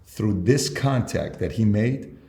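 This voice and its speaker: A man's voice: fairly low pitch, lively intonation, slow, dark tone. A man, a guest entrepreneur, giving advice in casual conversation, emphatic and repeating his key points. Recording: roomy echo.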